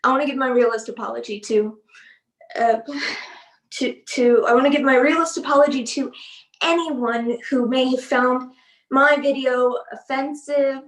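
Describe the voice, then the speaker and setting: Brash young influencer, high, slangy, put-on accent, roomy echo; a woman plays her. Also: steady tone, measured pace, recorded from a distance. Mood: apologetic. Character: brash 22-year-old female social media influencer. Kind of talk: student theatre acting, live-stream monologue.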